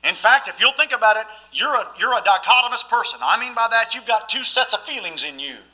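A man's voice: high voice, expressive, brisk, bright, forceful tone, rough recording. A man preaching a sermon as pastor, emphatic and often asking the listeners questions.

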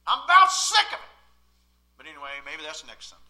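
Emphatic high-voiced preacher man. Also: huge pitch swings, a little fast. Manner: emphatic, swings from loud outbursts to quiet asides. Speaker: pastor. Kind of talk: sermon. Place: church, at the pulpit.

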